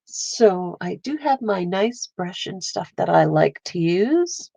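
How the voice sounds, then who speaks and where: Slow-talking stuffy-nosed woman streamer. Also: lowish voice, lively intonation, creaky, mellow, slight background noise. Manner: chatty, greets viewers while painting. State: stuffy nose. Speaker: livestream host. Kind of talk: casual live art stream.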